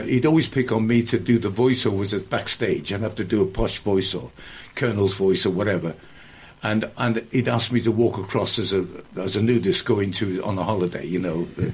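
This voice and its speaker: A man's voice: fairly low pitch, slightly rough. An older man, a guest entertainer and impressionist, reminiscing in a conversational interview with a rambling, anecdotal way of talking. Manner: rambling, anecdotal, with frequent restarts.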